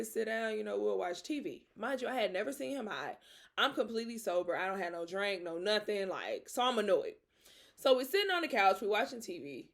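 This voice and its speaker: Young woman on her podcast, dramatic storytime, laughing a lot, kinda high voice. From Atlanta. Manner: animated, laughing, dramatic retelling with slang. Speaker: podcast host. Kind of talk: casual storytelling.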